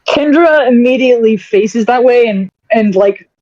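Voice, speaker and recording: A woman player in a tabletop game, casual and quick to laugh. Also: fairly high pitch, a little mellow, no room sound, lo-fi sound.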